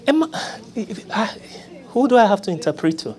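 Lively preacher, pleading tone. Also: moderate pace. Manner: pleading, swings from loud cries to hushed murmurs; acts out begging prayers in a low, soft voice. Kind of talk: sermon.

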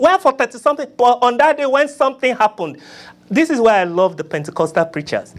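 A preacher delivering a sermon, pleading and acting out prayers, swinging from loud cries to hushed murmurs. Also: brisk. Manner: acts out begging prayers in a low, soft voice.

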